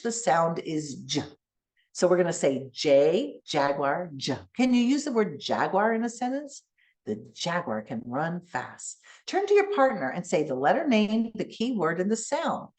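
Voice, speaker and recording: Animated bilingual woman teaching phonics. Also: mid-range voice. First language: Spanish. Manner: animated teacher voice, modeling sounds slowly. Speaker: keynote speaker. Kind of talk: conference keynote with classroom demonstration.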